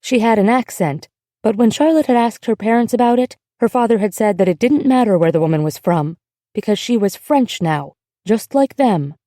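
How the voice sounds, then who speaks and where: Mellow-voiced woman narrating an audiobook. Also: mid-range voice, no room sound, studio quality. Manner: measured and gentle.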